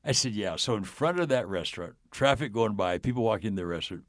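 A man's voice: fairly low pitch, lively intonation, fast talker, no room sound, studio quality. An older man, a podcast guest, telling stories with enthusiasm and acting out the dialogue. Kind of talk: storytelling in a faith podcast.

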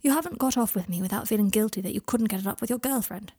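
A woman's voice: mid-range voice, rapid-fire, mellow, breathy edge. A woman voicing a self-assured, teasing young man who performs on camera, in a fan-fiction audiobook reading. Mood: smug.

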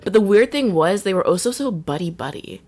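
A young woman telling stories in casual chat, animated and full of "like". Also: medium pitch, a little fast, slight background noise. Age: young adult. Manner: chatty, animated storytelling with lots of "like". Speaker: podcast co-host.

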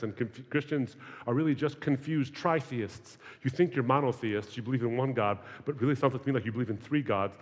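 A man in his forties giving a conversational talk to students, telling stories with wry humor. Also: medium pitch. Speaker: speaker. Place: large hall. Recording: hall with long reverb.

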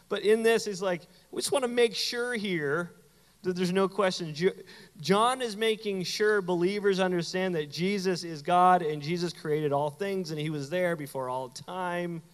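A middle-aged man, a pastor, giving a lively, conversational sermon with playful asides to his congregation. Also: high-pitched, moderate pace, long reverb tail. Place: church sanctuary.

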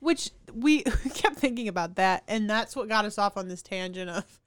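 A woman's voice: medium pitch, animated, moderate pace, clean tone, no room sound. A woman co-hosting a podcast in casual chat, joking and laughing as she talks. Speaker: podcast co-host.

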